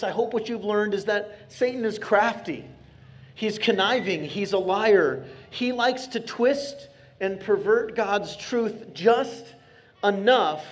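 Pastor guy with a pretty high voice, earnest and chatty, preaching from the pulpit. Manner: earnest, conversational, with emphatic slow phrasing. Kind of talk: sermon. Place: church sanctuary.

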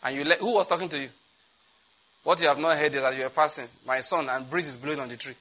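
A preacher delivers an animated sermon, acting out little exchanges as he goes. His voice sits a little high and rings bright and forceful. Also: quick pace. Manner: animated, laughing, acting out dialogue.

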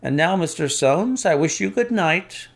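A man reading an audiobook, voicing a sharp, brisk male detective who asks crisp, commanding questions. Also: a little high, expressive, pitched above the performer's own voice, heavily acted. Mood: firm.

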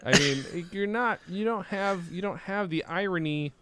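A man's voice: high voice, very noisy. A man hosting a comedy podcast, chatting casually and joking at his own expense. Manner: self-deprecating, quick to laugh. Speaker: podcast host.

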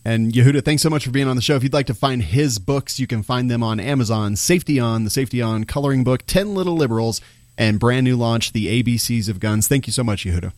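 A man's voice: medium pitch, fast, a little mellow, dry recording, clean studio sound. A man co-hosting a podcast, bantering and teasing in a casual chat. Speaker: podcast co-host.

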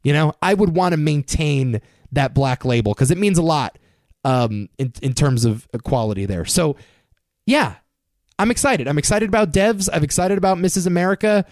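Man, high voice, very animated pitch, dry close sound, sarcastic entertainment chatter. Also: no echo. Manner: wry, sarcastic asides, quick rundown. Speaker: podcast host. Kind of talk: casual entertainment news commentary.

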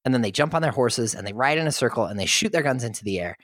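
A man's voice: mid-range voice, animated, fast talker, fairly bright tone, dry recording, clean studio sound. A man co-hosting a podcast who casually retells a movie plot and often chuckles as he goes. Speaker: podcast co-host. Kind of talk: casual film recap.

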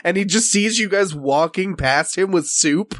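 A man's voice: sits high, normal speed, fairly bright tone, no echo. A man narrating as game master in a casual, playful way.

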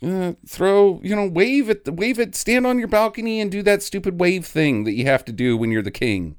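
A podcast co-host in casual comedic chat, retelling a film sarcastically with quick mock voices, swearing and laughing often. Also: mid-range voice, lively intonation, smooth, no room sound, clean studio sound.

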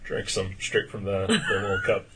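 A man's voice: deep voice, expressive, normal speed, crowd noise, rough recording. A man co-hosting a podcast, telling casual stories with lots of filler words and frequent swearing. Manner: rambling storyteller, many "uh" fillers, swears freely. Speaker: podcast co-host. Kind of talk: casual chat.

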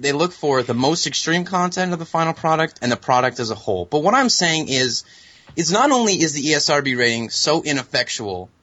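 Bright, sardonic young man ranting. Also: medium pitch, no room sound. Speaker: podcast co-host. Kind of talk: ranting commentary. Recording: dull lo-fi sound.

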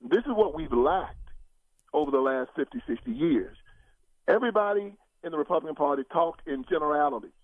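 An older man holds forth like a preacher, driving each point with sweeping rises in his voice. His voice sits slightly high and comes through thin and tinny, like a phone line. There is no room echo at all. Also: expressive, brisk. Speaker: guest commentator. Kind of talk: political talk show conversation.

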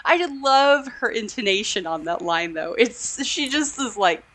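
A woman's voice: fairly high pitch, animated, a little slow, fairly bright tone. A woman co-hosting a podcast, chatting casually about an old film, laughing often as she retells scenes. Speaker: podcast co-host.

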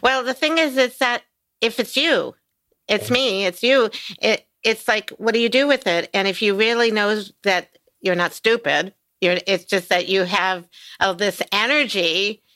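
An older woman hosting a podcast interview, enthusiastic and quick to exclaim as she talks. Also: mid-range voice, fairly bright tone. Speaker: podcast host. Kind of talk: casual interview.

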